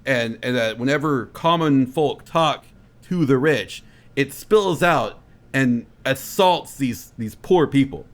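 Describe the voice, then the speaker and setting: A man's voice: medium pitch, animated, slow pace. A man co-hosting a comedy podcast, telling an absurd story with casual profanity and mock-dramatic character voices. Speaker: podcast co-host.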